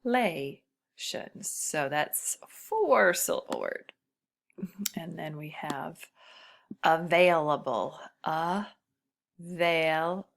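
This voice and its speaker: A woman teaching a recorded reading lesson, patiently sounding out syllables for children and muttering quietly while she works. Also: deep voice, animated, creaky. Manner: patient, talking to students, sounding out syllables slowly; often drops to a quiet murmur while working the screen.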